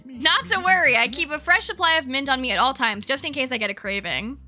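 A woman's voice: high voice, animated, a little fast, pushed and bright, faint music behind, exaggerated voice. A woman reading game dialogue aloud, voicing a theatrical, genteel male cat who guides a tea house.

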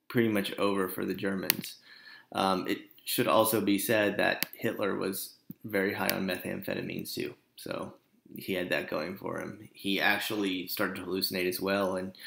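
A history teacher talks his students through a recorded lesson in a casual, joking way. His low voice has a gravelly edge. The room around him is echoey. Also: a bit bright. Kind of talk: recorded online class lecture.

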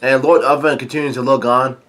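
Male vlogger with a bright, forceful voice, casually recapping a comic chapter in a stop-start way and reading quotes fairly flat. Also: medium pitch. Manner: halting, stop-start delivery with frequent filler sounds; reads quoted lines in a mostly flat voice. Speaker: manga chapter reviewer.

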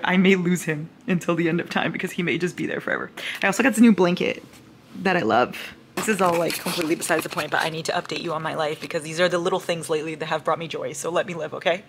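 Chatty young woman with a lowish voice. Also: a little hiss or hum. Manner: chatty, gushing, playful asides. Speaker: book vlogger. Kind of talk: casual reading vlog chat. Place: home at night.

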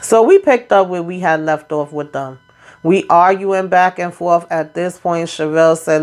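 A woman's voice: fairly low pitch, moderate pace, a little mellow. A woman hosting a casual reality TV recap, blunt and profane, acting out quotes as she retells scenes. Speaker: YouTube reality TV recap host.

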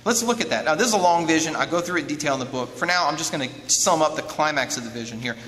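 A man lecturing an audience as an author, lively, asking rhetorical questions and acting out quotes. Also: a little high, racing. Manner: acts out quoted speech. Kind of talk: lively teaching talk with a handout. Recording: long hall reverb, faint noise.

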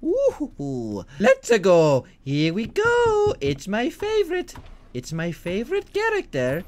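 A man's voice: high-pitched, wildly swooping pitch, slow pace, a little mellow, pitched above the performer's own voice, exaggerated voice. A man voicing a cheery, boastful cartoon plumber in sing-song squeals while commenting on a video game. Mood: gleeful teasing. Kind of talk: gaming commentary in character.

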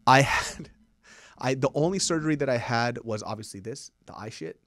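Guy telling wild stories on a podcast, loud acted-out quotes, mid voice, dead dry room. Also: mid-range voice, moderate pace, dry recording. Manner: animated storyteller acting out quotes, heavy swearing. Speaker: podcast co-host. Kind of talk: casual chat.

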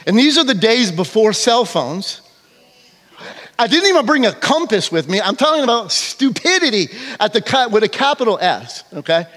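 Here is a man preaching in a church sanctuary with a fairly high voice. He tells his stories with animation and keeps checking in with the congregation. The sound trails off in a long hall reverb. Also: normal speed. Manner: animated storytelling, frequent "okay?" check-ins. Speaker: pastor. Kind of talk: sermon.

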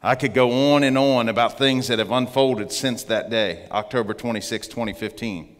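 A man giving an earnest testimony as a guest speaker in church, slowing down to stress his points. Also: medium pitch. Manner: earnest storytelling, slowing for emphasis. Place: church sanctuary. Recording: long church reverb.

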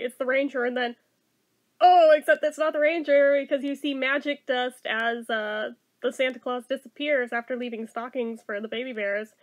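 High-voiced, blunt, excitable woman reviewer. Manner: chatty and blunt, swears freely, many fillers; excitable and animated, quick to laugh. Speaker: movie reviewer. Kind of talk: casual spoken review.

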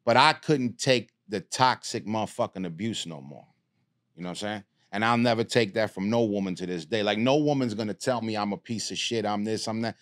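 Brisk and lowish in pitch, this middle-aged man is a podcast guest telling a story in casual conversation, full of street-smart energy and profanity.

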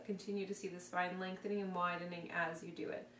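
Vocal coach woman, roomy and distant. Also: on the low side. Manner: calm, slow step-by-step cueing. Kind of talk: guided vocal warm-up instruction. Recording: roomy, heard from a distance, faint hum.

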